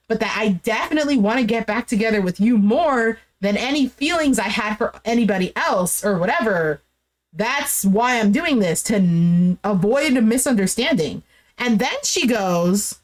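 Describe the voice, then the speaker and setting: A woman's voice: on the high side, normal speed. Chatty young woman retelling a show. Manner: chatty, animated retelling with lots of "like". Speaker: recap streamer. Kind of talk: casual recap, retelling a dating show.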